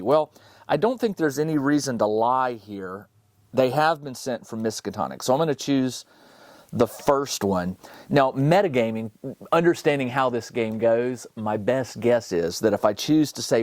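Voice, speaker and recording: A man's voice: mid-range voice, normal speed, darkish tone, no room sound. A man playing a card game by himself, reading the story text aloud and commenting on his choices in a conversational way, with frequent fillers and self-corrections. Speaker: solo card game player and narrator.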